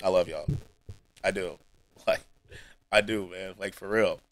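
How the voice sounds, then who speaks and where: A man's voice: sits low, steady tone, a little slow, fairly bright tone, no echo, low-quality recording. A male streamer talking to his chat in a rambling, heartfelt way, emotional and close to tears, often dropping almost to a mumble. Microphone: streaming mic.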